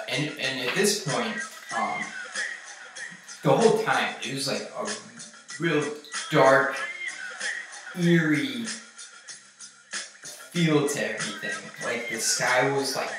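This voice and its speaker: A man recounting a personal experience in a halting, rambling way, full of fillers and swearing. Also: medium pitch. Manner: halting, filler-heavy, profane. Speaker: vlogger recounting a trip. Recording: very echoey, distant mic, music behind.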